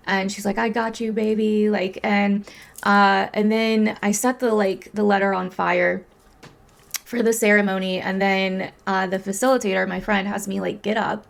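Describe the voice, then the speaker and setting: A woman astrologer talking to camera in a casual, confessional way, animated, full of "like" fillers and freely swearing. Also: medium pitch, gravelly.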